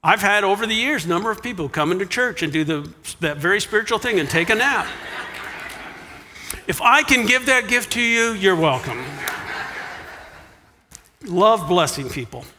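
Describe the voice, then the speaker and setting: A man preaching a sermon as pastor, animated, dropping to a hush for quiet lines. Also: high-pitched, moderate pace, pauses often, big-room sound, slight background noise. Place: church sanctuary.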